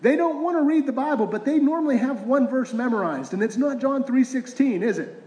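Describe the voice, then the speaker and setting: A man's voice: extremely high pitch, animated, a little fast, a little mellow. A middle-aged man, a pastor, preaching a conversational sermon full of rhetorical questions. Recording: roomy echoing hall.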